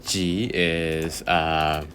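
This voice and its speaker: Guy teaching a chill lesson, deep voice, slow and patient, counts stuff out loud. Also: flat delivery, a little hiss or hum. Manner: patient, counts strokes aloud, repeats words. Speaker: language teacher. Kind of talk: casual online lesson.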